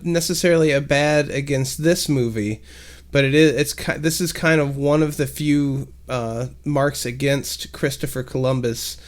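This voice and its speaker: A man co-hosting a podcast in casual chat, talking in a relaxed, rambling way. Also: a little high. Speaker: podcast co-host.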